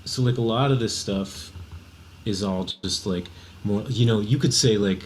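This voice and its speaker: Low-voiced hesitant male podcast guest. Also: moderate pace. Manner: hesitant, lots of fillers and trailing off. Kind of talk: casual chat. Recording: faint background noise.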